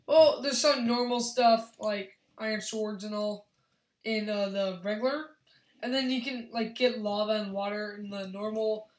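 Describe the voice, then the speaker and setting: A young woman giving excitable, rambling commentary over her own gameplay, yelling at opponents. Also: mid-range voice, unhurried. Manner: excitable, restarts often, yells at opponents. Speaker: gaming channel host. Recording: echoey room with faint background hiss.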